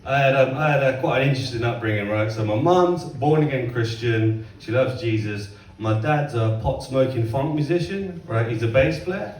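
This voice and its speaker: A man performing a chatty, self-mocking stand-up set and acting out voices in loud bursts. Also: mid-range voice, normal speed, few pauses. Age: 30s. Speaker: stand-up comedian. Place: comedy club stage, heard from across the room. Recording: roomy live club recording from a distance. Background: faint audience laughter.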